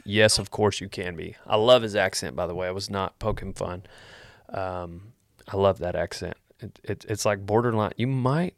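A man hosting a vlog, answering viewer questions in a rambling, deadpan joking chat. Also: sits low, normal speed, creaky, no echo, clean studio sound. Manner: joking, deadpan, wandering asides.

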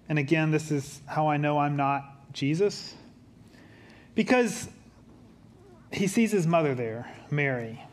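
Man, pastor, high-pitched voice, sermon, quiet low emphasis, humorous conversational asides. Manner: dynamic preaching, drops to quiet low tones for emphasis.

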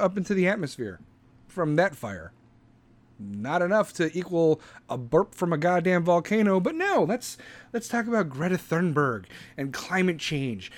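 A middle-aged man, a veteran host, ranting angrily with sarcasm and heavy swearing. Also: high-pitched. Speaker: podcast host and military veteran. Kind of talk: profane political rant.

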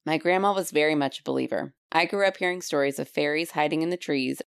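A woman co-hosting a casual podcast, chatting and reading listener stories aloud with dramatic pauses. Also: low-pitched, gravelly, clear, resonant tone, dry recording, clean studio sound. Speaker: podcast co-host.

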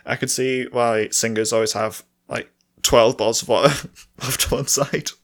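A man's voice: mid-range voice, fairly even intonation, moderate pace. A man with a dry, sore throat, co-hosting a podcast and rambling in a self-mocking way while laughing often. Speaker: podcast co-host. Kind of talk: rambling solo chat between sung takes.

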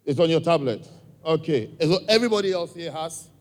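With a brisk, slightly mellow voice on the high side and lively intonation, a man with an African accent addresses a church gathering. He coaxes and asks the audience question after question, speaking to them directly.

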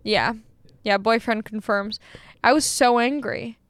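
A young adult woman casually telling a story, lively and swearing freely as she acts out the people she quotes. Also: fairly high pitch, unhurried, a little hiss or hum.

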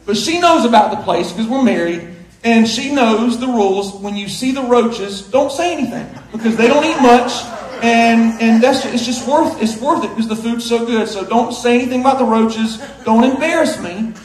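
High-voiced animated preacher man. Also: normal speed. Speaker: pastor. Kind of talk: sermon with humorous anecdote. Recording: roomy echo of a big hall.

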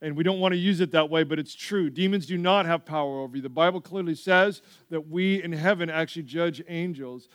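A male pastor preaching a sermon, telling stories with lively asides to the church. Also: on the high side, fairly quick, hardly any pauses, clear, resonant tone, no echo, studio quality. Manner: animated storytelling with frequent asides.

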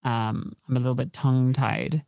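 Male podcast host, gravelly, giggly and self-deprecating. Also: mid-range voice, steady tone, normal speed, a little mellow, no echo, studio quality. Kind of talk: live-streamed podcast chat.

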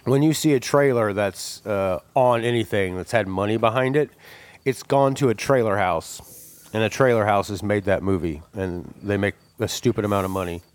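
A man's voice: lowish voice, moderate pace. A man hosting a podcast, chatting casually about movies in a rambling way and laughing often.

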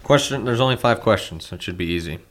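A man's voice: fairly low pitch, expressive, fast talker. A man co-hosting a casual chat, reading out questions and cracking dry, wry remarks. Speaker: co-host reading listener questions.

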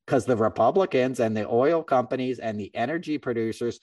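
Animated man telling a story, off-mic. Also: mid-range voice, a little fast, dry recording, recorded from a distance. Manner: animated, acts out quoted voices. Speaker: podcast host. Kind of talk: casual storytelling chat.

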